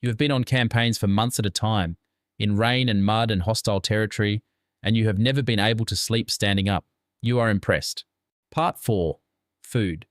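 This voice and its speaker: Male narrator, deadpan scripted storytelling, fairly low voice, dry close sound. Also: moderate pace, dry recording. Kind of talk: scripted second-person narration.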